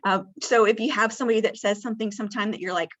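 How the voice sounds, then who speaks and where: A woman's voice: medium pitch, steady tone, rapid-fire, dull audio. A woman presenting a session on communicating with people with dementia, talking casually with lots of fillers and acting out what a caregiver might say. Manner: warm conversational teaching with many fillers; acts out caregiver lines in a bright, lifted voice. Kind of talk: interactive training session.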